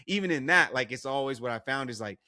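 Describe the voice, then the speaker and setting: A man's voice: mid-range voice, fast, dry recording. Man telling a story in a dry, close sound. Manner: animated retelling with many "like" and restarts. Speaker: guest, actor and artist. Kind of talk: casual conversational storytelling.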